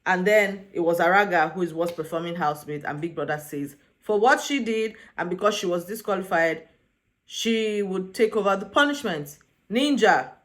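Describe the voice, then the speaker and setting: A woman's voice: fairly low pitch, expressive, moderate pace. A young woman, giving a sassy, exasperated recap of a reality show and acting out the quotes. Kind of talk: casual opinionated recap commentary.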